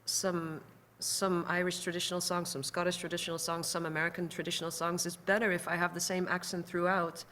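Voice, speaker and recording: A woman's voice: on the low side, little pitch movement, a little fast, hardly any pauses, a bit bright. A woman from the Netherlands with a Dutch accent, speaking on a panel as a musician in a thoughtful, candid, somewhat hesitant way. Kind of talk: panel discussion.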